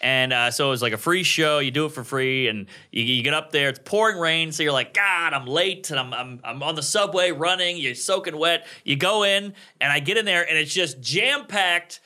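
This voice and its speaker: A man's voice: on the high side, fairly quick, few pauses. A man telling a comic story in casual chat, swearing freely and acting out the people in it. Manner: animated, swearing, acts out voices in his stories. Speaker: comedian guest.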